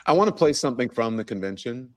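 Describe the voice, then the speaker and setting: A man's voice: medium pitch, animated, fast, no room sound. Male talk-show host, chatty and loose, dry studio sound. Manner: conversational, loose, restarts sentences. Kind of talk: news talk interview.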